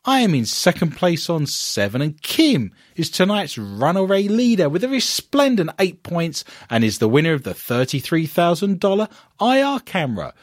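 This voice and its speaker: A man's voice: fairly high pitch, normal speed, no room sound. A man hosting a radio show, joking and wrapping up with scores and thanks. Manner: jokey, breaks into song, animated. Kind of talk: comedic radio chat and show sign-off.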